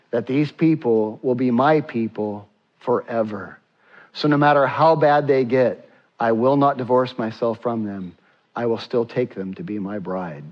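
A man preaching a sermon, reading scripture slowly with rises in intensity and drops to a near hush. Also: medium pitch, muffled recording. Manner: reads scripture slowly, rising then dropping to a hush. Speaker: pastor.

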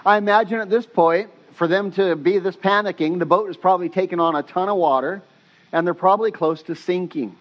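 A man preaching a sermon as pastor, telling stories with animated, casual delivery and slang. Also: high voice, fairly quick, lo-fi sound.

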